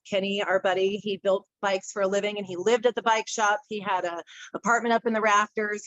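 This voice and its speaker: A woman's voice: mid-range voice, a bit bright, no echo. Woman medium, casual storyteller, quotes her friends with animation; dull lo-fi sound. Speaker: medium guest speaker. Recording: dull muffled sound, dry room.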